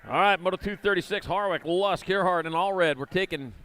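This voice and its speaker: A man's voice: high-pitched, sharp tone, clear, resonant tone. A man announcing live BMX races in an indoor arena, rattling off rider names and moto numbers with corny jokes between heats. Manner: rapid-fire rider call-outs with corny jokes. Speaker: race announcer. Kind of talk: live race commentary.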